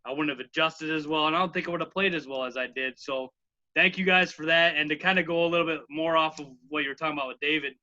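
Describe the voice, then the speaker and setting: A man's voice: fairly high pitch, fairly even intonation, fast, sharp tone. A man from the Chicago area, a former college outfielder, co-hosting a casual podcast chat in an earnest, grateful way. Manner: earnest, grateful, rattles off names. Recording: dull lo-fi audio.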